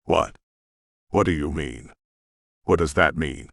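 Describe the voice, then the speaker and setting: A man's voice: rumbling low, takes it slowly, creaky, a bit bright, no echo, clean studio sound, voice pushed down, exaggerated voice. A man voicing an earnest young woman in an audiobook, polite and pleading.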